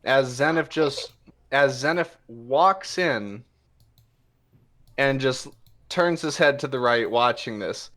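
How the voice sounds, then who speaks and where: A man's voice: medium pitch, slow pace, long pauses, fairly bright tone. A man narrating a tabletop game as game master, telling the scene in a loose, hesitant way with many fillers.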